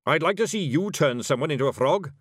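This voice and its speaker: A man performs a pompous male dwarf who runs a magic shop, raised and blustering in a storybook reading. His voice sits higher and louder than the reader's own, sharp with indignation. The sound is close and dry. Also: expressive, a little slow, no echo, lightly acted. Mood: indignant.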